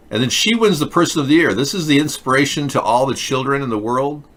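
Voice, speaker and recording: A man's voice: mid-range voice, sing-song, brisk, hardly any pauses, fairly bright tone. A man hosting a live political chat show, talking in a sarcastic, mocking way. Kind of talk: casual satirical chat with live chat.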